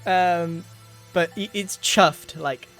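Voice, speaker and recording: A man's voice: high-pitched, steady tone, slow, a bit bright, faint music behind. A man, chatting and teasing playfully while gaming. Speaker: guest player. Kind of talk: casual gaming chat.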